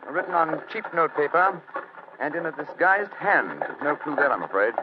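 An actor playing a calm, commanding Victorian detective in an old radio drama, reasoning in a measured, deliberate way. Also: male voice, a little high. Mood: assured. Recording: dull old radio recording with hiss.

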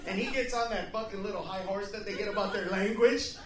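Brash high-voiced male comedian. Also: brisk, crowd noise. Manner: profane, brash storytelling. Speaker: stand-up comedian. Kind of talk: stand-up comedy set. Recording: echoey live room from far off, loud noise.

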